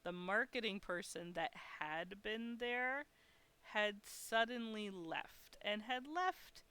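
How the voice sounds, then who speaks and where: A woman's voice: mid-range voice, expressive, slow, pushed and bright, smooth. A woman live-streaming her art, telling a story in a chatty, frank way and swearing freely.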